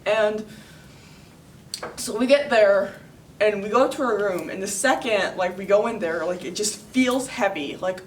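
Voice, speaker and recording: A woman's voice: medium pitch, a little slow. Teen girl from florida rambling a spooky story, lots of likes, echoey room, mic kinda far off. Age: teens. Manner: chatty, full of "like" fillers. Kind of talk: casual storytelling to camera. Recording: roomy sound from a distant mic, faint noise.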